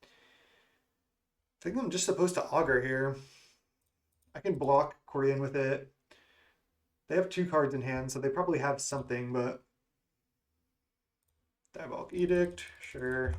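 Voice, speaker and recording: Gaming creator, male, mid pitch, casual running commentary on his own play. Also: a little slow, pauses often. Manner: musing, self-questioning strategy talk. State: has the hiccups. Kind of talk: thinking aloud during card game play.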